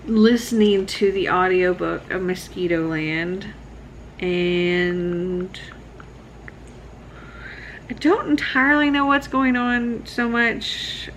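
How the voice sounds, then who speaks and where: Sleepy, slow-talking woman vlogger. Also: on the low side, a little hiss or hum, poor audio. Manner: relaxed, rambling, laughs often. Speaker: book vlogger. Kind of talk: casual vlog check-in.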